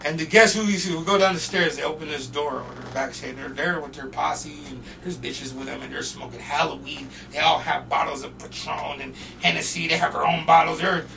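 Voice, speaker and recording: A man from Portland, Oregon, telling a story as a podcast guest in an animated, profane way. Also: a little high, brisk, creaky, few pauses, distant mic, a little hiss or hum, low-quality recording. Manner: animated and profane, acting out quotes. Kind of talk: casual storytelling.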